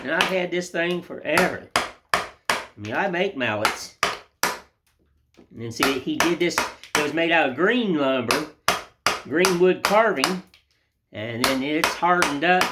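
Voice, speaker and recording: Man, woodcarver, folksy rambling chat, a bit high, loud tool knocks under the voice. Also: lively intonation, slow, long pauses. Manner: folksy, rambling, down-home sayings. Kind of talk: casual chat while carving. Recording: loud workshop tool noise. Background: loud chisel and mallet knocks.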